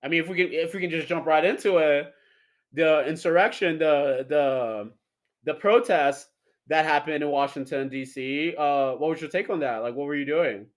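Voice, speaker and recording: A young man co-hosting a casual podcast chat over a video call, loud and excitable, swearing freely. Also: a little high, moderate pace. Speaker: podcast co-host. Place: Denver, Colorado.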